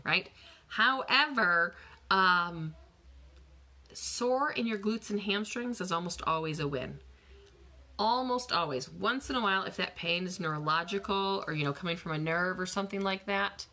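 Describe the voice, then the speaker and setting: A woman in her forties, a physical therapist, chatting casually on a live stream from her bedroom into a phone and answering viewer questions with frequent laughs. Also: lowish voice. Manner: chatty, animated, laughs often, coaching tone. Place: bedroom at home.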